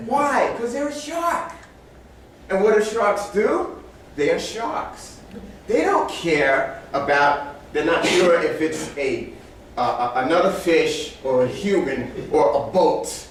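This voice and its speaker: Animated male motivational speaker, echoey room. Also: high-pitched, recorded from a distance, a little hiss or hum. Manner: animated storyteller, acts out animals with big voices. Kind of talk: motivational talk to a live group. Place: room with a small audience.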